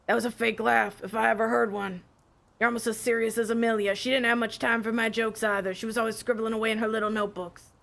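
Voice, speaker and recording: An actor voicing a friendly, joke-cracking male pub keeper in a game, with a gravelly voice. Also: medium pitch, little pitch movement, quick pace, a bit bright. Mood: jovial. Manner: jovial, cracking jokes. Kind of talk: game voice acting.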